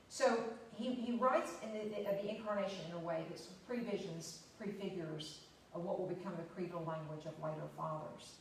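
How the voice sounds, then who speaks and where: A woman's voice: on the low side, fairly quick, slight background noise. A woman giving an unscripted church history talk, stressing key words, with fillers and restarts. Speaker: lecturer. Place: church hall. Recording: very echoey, distant room recording.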